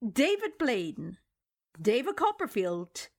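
A woman's voice: a little high, very animated, takes it slowly. Woman co-host steering the chat. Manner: leads segments, reads quotes, laughs. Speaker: podcast co-host. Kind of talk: casual chat, reading quotes aloud.

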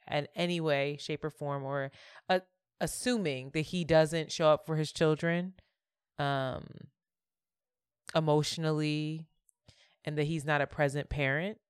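Low, smooth-voiced woman podcast co-host. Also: no echo, clean studio sound. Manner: candid, reflective, laughs easily. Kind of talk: casual chat.

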